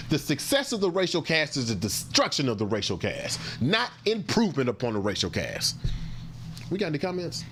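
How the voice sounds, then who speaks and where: A man's voice: fairly high pitch, huge pitch swings, brisk, fairly bright tone, a little hiss or hum. A man hosting a casual morning talk show, riffing and joking.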